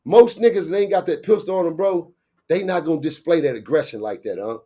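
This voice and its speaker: A middle-aged man with a Los Angeles street accent, telling a story in an animated, slangy way and acting out the voices of the people in it. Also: fairly high pitch, brisk. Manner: acts out quoted voices, slangy, laughing asides. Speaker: guest storyteller, bounty hunter.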